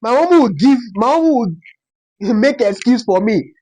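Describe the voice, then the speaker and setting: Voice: mid-range voice, lively intonation, unhurried, a little mellow. A young adult from Nigeria with a Yoruba-inflected Nigerian accent, telling a personal story in a casual, dramatic way and repeating phrases for effect. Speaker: storytime vlogger.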